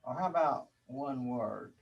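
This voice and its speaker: A man's voice: mid-range voice, lively intonation, a little slow, creaky, breathy edge, lo-fi sound. A man as a spiritual teacher, giving a casual, rambling talk where he often repeats words and chuckles.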